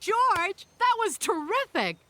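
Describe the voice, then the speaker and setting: An encouraging female hippo from a cartoon, gently teasing as she cheers her friend on. Her high voice rises and falls with lively melody. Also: slow, exaggerated voice.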